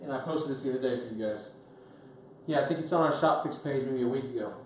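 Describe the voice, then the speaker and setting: A middle-aged man coaching business owners at a training seminar, blunt and energetic, pressing his points hard. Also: medium pitch, fast. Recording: echoey room from far off, faint noise.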